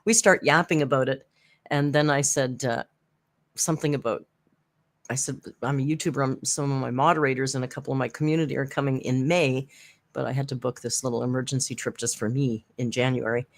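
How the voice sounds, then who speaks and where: A woman from Canada hosting a casual live stream from home, chatty and laughing often as she tells stories with dark humor. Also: rumbling low, steady tone, a little fast. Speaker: YouTube commentary host. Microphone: headphones with desk mic.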